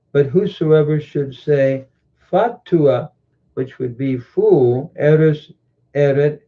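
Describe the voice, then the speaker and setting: Guy going over bible grammar real slow, lots of uhs and restarts, kinda muffled audio. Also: medium pitch. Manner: slow, deliberate, with frequent pauses and self-corrections. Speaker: Bible teacher. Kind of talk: scholarly scripture reading with grammar commentary. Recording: muffled lo-fi recording.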